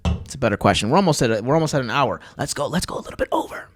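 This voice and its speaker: A young man races through casual talk on his own podcast livestream in a medium-pitched voice with lively intonation, and there's a little hiss or hum in the recording. He rambles to viewers with fillers and tangents, plugging his channels along the way.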